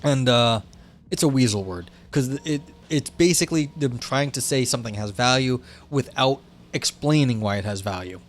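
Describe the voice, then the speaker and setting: A man's voice: medium pitch, normal speed. A man hosting a livestream, reading a philosophy paper aloud and then explaining it in loose, chatty asides to his viewers. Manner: chats with live viewers between passages. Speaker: livestream host.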